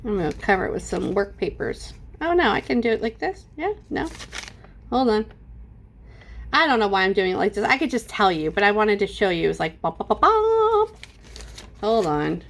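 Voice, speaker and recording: A woman's voice: medium pitch, animated, a little fast, vocal fry, a little hiss or hum. Chatty, sassy woman vlogging at home. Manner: chatty and sassy, acts out quotes with exaggerated voices. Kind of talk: casual unscripted vlog storytelling.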